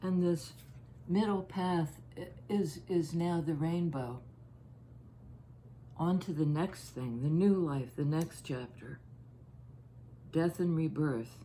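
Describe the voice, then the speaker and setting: A woman giving a casual tarot reading, musing and halting as she thinks aloud over each card. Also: sits low, mellow, slight background noise. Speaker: tarot reader.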